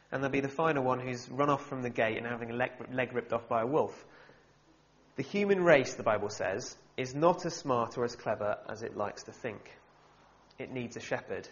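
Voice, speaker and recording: A young man preaching a sermon, humorous and animated, with wry asides. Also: mid-range voice. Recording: slightly dull, muffled sound.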